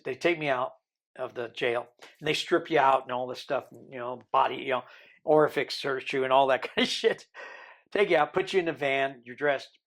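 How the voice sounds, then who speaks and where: An older man, a podcast guest, tells his own story in a lively way and acts out the people he quotes. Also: medium pitch. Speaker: interview guest.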